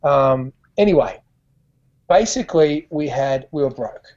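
He's a musician guest with an Australian accent, telling stories in a rambling way, restarting often and using lots of fillers. His fairly high voice has lively intonation, a slightly slow pace, and a darkish tone, on a muffled recording.

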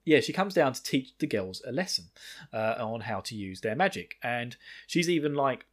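A man's voice: mid-range voice, very animated, normal speed. Rambling, laughing man recapping a book. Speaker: book reviewer.

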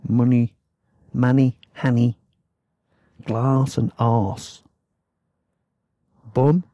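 Gravelly Yorkshire man telling travel tales. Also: mid-range voice, dark tone, no room sound. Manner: rambling, chatty, self-deprecating asides. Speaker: podcast host. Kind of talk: casual travel storytelling.

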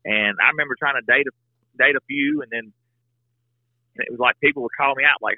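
A man's voice: mid-range voice, brisk, pauses often, no echo. A man telling stories earnestly in a folksy, rambling way as a podcast guest. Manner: earnest, folksy, talks in restarts. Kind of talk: casual storytelling conversation. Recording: tinny phone-like line, dry.

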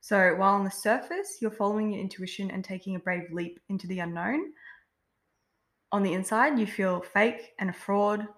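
A woman co-hosting a self-development podcast, talking in a relaxed, reflective way with many fillers. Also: mid-range voice, normal speed. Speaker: podcast co-host. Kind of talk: casual podcast chat.

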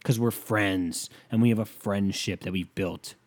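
A man's voice: fairly low pitch, measured pace. A young man hosting his own podcast alone, rambling casually with profanity and sarcastic rants into a desk microphone. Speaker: podcast host. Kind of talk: casual solo podcast monologue. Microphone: desk microphone with pop filter.

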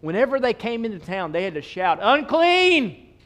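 High-voiced preacher man, emphatic. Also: expressive, fast. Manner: emphatic, repetitive, rhetorical questions; casual, with filler likes. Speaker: pastor. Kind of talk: sermon.

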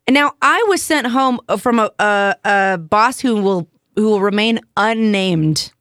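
A young woman co-hosting a radio show, telling an animated story in casual banter and acting out quotes. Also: mid-range voice, measured pace, no room sound, studio quality. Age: young adult.

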